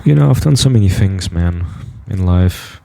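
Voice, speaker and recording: Gravelly low-voiced man, blunt. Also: lively intonation, normal speed, dark tone, no room sound. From United States. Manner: blunt, profane, boastful. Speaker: vlogger. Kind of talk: boastful monologue to camera.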